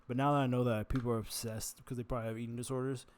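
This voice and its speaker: Man, mid-pitched, stuffy-nosed, chatting and joking between bites; casual, swears. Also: little pitch movement, very fast. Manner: rambling, joking, swears casually while eating. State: congested nose, full, chewing. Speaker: vlogger. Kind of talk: casual eating vlog chat.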